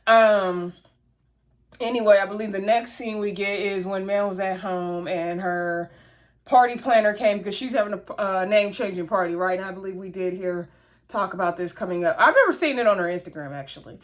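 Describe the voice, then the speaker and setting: A woman's voice: medium pitch, fairly quick. A woman, casually recapping a reality show episode in a chatty, gossipy way. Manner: chatty, gossipy, acts out the cast's lines.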